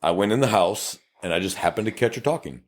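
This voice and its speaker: South Texas man, cop co-host, low voice, lively and swearing, acts out both sides of the scene. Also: fast. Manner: profane, animated, acts out dialogue. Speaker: podcast co-host, police officer. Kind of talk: casual storytelling chat.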